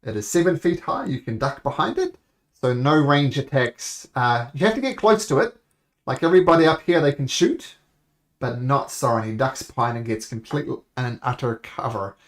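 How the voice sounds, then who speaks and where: A man's voice: mid-range voice, lively intonation, moderate pace. A man narrating as game master, rambling along with self-corrections.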